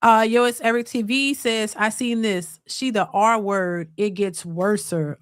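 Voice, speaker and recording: A woman's voice: mid-range voice, fairly even intonation, unhurried, few pauses, clear, resonant tone, no echo. A woman hosting a live reaction stream, exclaiming and talking straight to her viewers as she reads their messages.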